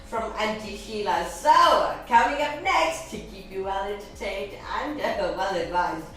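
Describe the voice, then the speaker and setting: A woman's voice: mid-range voice, expressive, a little slow, a bit bright. A woman hosting a live show, reading viewer comments and signing off in an affectionate, gushing way. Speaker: host. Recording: echoey room, distant mic, background noise.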